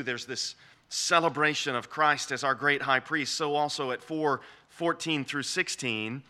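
A man giving a measured lecture on scripture, explaining the text step by step and often restarting his phrases. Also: a little high, bright, forceful tone. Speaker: Bible teacher.

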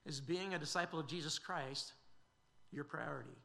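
A man's voice: a little high, moderate pace, creaky, bright, forceful tone. A man preaching a sermon, earnest and questioning, with frequent fillers and restarts.

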